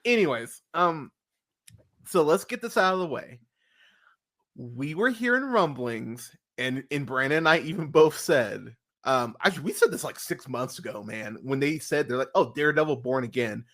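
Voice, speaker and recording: A man's voice: fairly high pitch, expressive, moderate pace, fairly bright tone. A man hosting a podcast, chatting casually and animatedly, swearing freely with many fillers and restarts. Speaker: podcast host. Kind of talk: casual podcast review chat.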